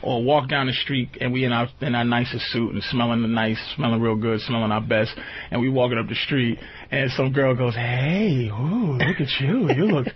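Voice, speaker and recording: Man, radio host, husky voice, rambling and conversational, dull lo-fi broadcast sound. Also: medium pitch, fairly even intonation, fairly quick. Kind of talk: comedic relationship talk on radio.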